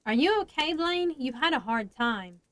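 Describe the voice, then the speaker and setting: A woman's voice: sits high, expressive, normal speed, a bit bright, no echo. A woman voicing an earnest young monster girl in a storybook reading, speaking eagerly.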